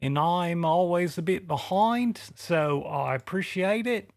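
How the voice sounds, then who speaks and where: A man's voice: high voice, measured pace, creaky, no room sound. A man co-hosting an improvised comedy podcast in a put-on Australian accent, rambling and fumbling for words. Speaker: podcast co-host.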